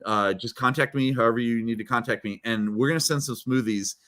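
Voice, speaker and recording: A man telling stories as a guest in a live video interview, energetic and playful. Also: medium pitch, brisk. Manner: energetic, playful, many restarts. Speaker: guest, keynote speaker. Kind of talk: animated storytelling in a live interview.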